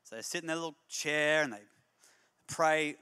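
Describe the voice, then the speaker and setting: A man preaching a humorous, energetic sermon as a pastor, moving between jokey stories and emphatic exhortation. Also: fairly high pitch, fast talker, smooth, in a large hall. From Australia. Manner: animated storyteller, jokey then emphatic and exhorting.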